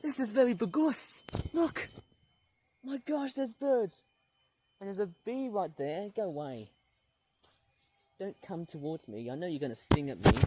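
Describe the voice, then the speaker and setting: Walking a jungle trail near a waterfall and filming wildlife, a nature vlogger keeps exclaiming in wonder, excitable and marvelling. The voice is medium-pitched and unhurried with long pauses, set against a noisy background.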